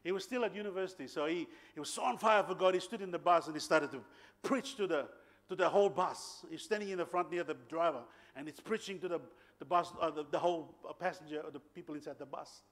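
Male preacher, high voice, animated storyteller, laughs a lot. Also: quick pace. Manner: animated, laughing storyteller with bursts of loud emphasis. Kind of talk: sermon storytelling.

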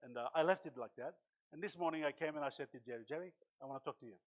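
Man, pastor, sermon, fairly high pitch, fervent, loud outbursts. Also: rapid-fire. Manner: impassioned preaching with sudden loud bursts and exclaimed hallelujahs. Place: church.

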